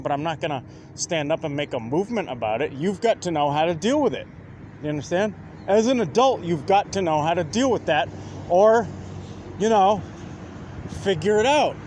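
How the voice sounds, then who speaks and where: A man's voice: fairly high pitch, darkish tone, slight background noise. A man ranting to his viewers in a combative, profane monologue, repeatedly asking whether they understand. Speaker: vlogger.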